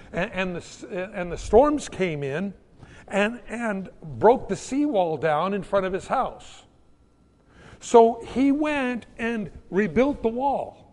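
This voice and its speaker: A middle-aged man preaching a sermon as pastor, telling stories with lively restarts. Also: high-pitched. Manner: animated storytelling with repeated restarts. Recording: long hall reverb.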